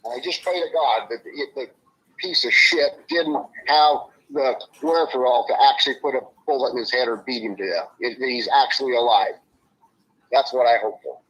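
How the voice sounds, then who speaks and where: A man's voice: medium pitch, fairly quick, fairly bright tone, breathy edge, rough recording. A man speaking as an interview guest, blunt and swearing freely, his voice rising when he gets upset. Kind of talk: emotional interview on a live stream.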